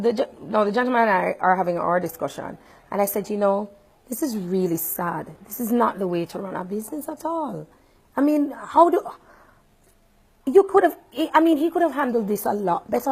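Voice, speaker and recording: A woman with a Jamaican accent, a radio host, telling a personal story in a casual, animated way, shifting between loud indignation and quiet asides. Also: mid-range voice, creaky, slightly rough.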